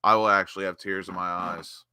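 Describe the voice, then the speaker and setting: Excitable young football fan. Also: male voice, low-pitched, fairly quick, smooth, no echo, studio quality. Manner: excitable, emotional fan commentary. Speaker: watchalong host. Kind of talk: live match watchalong commentary.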